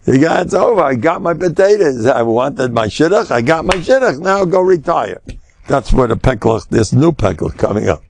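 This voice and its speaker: An older American man, a rabbi, giving a lively Torah lecture on faith, storytelling with sudden high exclamations and Yiddish and Hebrew words mixed in. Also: normal speed, vocal fry, slight background noise.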